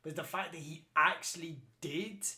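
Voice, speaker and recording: A man co-hosting a podcast, chatting excitedly, swearing a lot and acting out quotes. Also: a little high, moderate pace. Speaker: podcast co-host. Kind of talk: casual chat. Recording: roomy echo.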